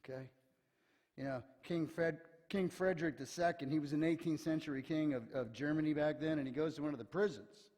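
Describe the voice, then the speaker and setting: A male pastor preaching a sermon. He tells stories with energy, acts out the quotes, and often drops to a hushed tone to stress a point. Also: a little high, a little fast. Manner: lively storyteller who acts out quotes, often dropping to a hushed tone for emphasis. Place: church sanctuary. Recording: long hall reverb.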